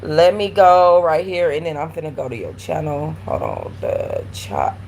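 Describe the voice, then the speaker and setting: A woman hosting a live stream from her apartment, telling animated, slangy stories with blunt cursing. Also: low voice, a little slow, gravelly, a little hiss or hum, low-quality recording. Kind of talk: casual live-stream chat. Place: at home in an apartment.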